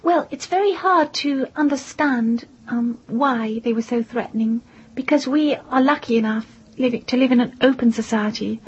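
Husky woman, measured and composed. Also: fairly high pitch. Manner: measured, composed, careful recounting. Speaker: interviewee, widow of the victim. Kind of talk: interview answers. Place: in London. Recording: dull lo-fi broadcast audio.

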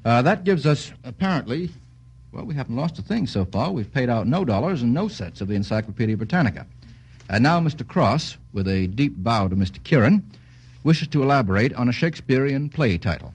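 A man hosting a vintage radio quiz show, brisk and jovial, tossing out quips between questions. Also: medium pitch, lively intonation, husky.

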